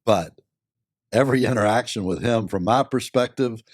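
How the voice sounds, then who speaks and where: An older man, a company board member and lawyer, giving measured, thoughtful answers with many pauses and fillers. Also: fairly low pitch, no echo, studio quality. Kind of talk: reflective interview answers.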